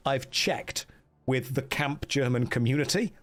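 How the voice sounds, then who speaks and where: A man's voice: mid-range voice, normal speed. An English man streaming a gamebook, bantering with chat in a jokey way and laughing often. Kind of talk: casual stream commentary.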